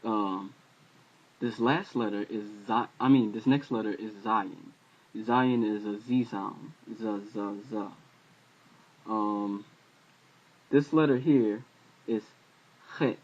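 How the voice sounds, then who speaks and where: A man giving an informal home-made alphabet lesson, talking haltingly with many fillers and self-corrections. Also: on the low side. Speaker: language teacher. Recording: dull lo-fi home video audio.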